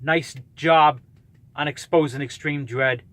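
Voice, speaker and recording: A man's voice: fairly high pitch, moderate pace, long pauses, fairly bright tone. A man in his thirties ranting in a vlog, blunt, combative and profane as he calls out a rival. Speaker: YouTuber calling out a rival.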